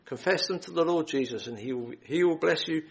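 A man preaching a gospel sermon, earnest and pleading, quoting scripture and often repeating phrases and clearing his throat. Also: a little high, a little fast, low-quality recording.

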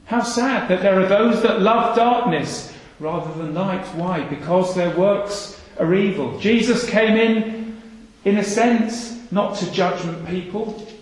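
A man preaches a sermon earnestly, filling it with rhetorical questions and repeating phrases for emphasis. His high voice takes things slowly, and the recording has an echoey hall reverb.

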